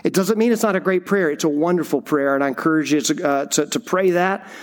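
A man's voice: on the high side, quick pace. A middle-aged man, a campus pastor, giving a conversational sermon full of stories and fillers. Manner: conversational, anecdotal storytelling with frequent fillers.

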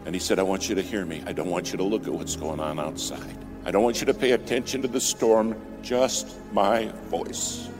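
A man preaching a sermon as a story, dramatic, rising to loud peaks and dropping to near whispers. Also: low voice, normal speed, few pauses. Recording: music bed under the voice.

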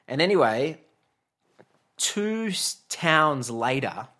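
As a guest in a casual interview, a man tells a long personal story, chatting and laughing with many fillers and restarts. His medium-pitched voice is bright, sing-song and forceful, and he speaks slowly.

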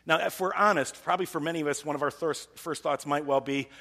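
The long reverb of a large hall surrounds this church-service recording of a male pastor's conversational sermon. He fires rhetorical questions at the congregation in a fairly high, pushed and bright voice, talking fast with hardly any pauses.

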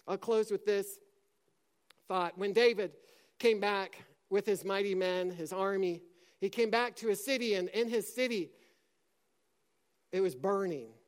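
Guy preaching w a really high voice, fiery, goes quiet then yells, acts out the bible bits. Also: a little slow, long pauses. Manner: impassioned, swings from hushed to shouting; acts out scripture dialogue in character. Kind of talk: sermon.

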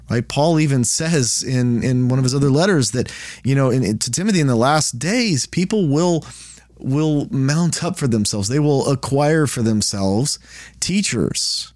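A man's voice: medium pitch, lively intonation, unhurried, a little mellow, no room sound. Man teaching scripture in a dry room. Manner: conversational, frequent "right?" and restarts. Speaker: Bible study teacher. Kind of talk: casual Bible teaching.

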